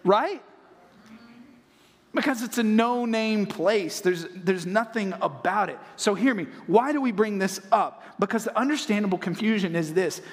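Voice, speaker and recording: A man from North Carolina, preaching a sermon as pastor and acting out voices in animated storytelling. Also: high-pitched, moderate pace. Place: church auditorium. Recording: long reverb of a large hall.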